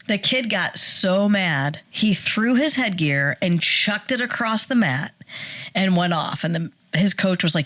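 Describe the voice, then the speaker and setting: A woman in her forties, a podcast co-host telling a personal story in casual chat, animated and acting out the quotes. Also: medium pitch, no echo. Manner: animated storyteller, acts out quotes, fast bursts.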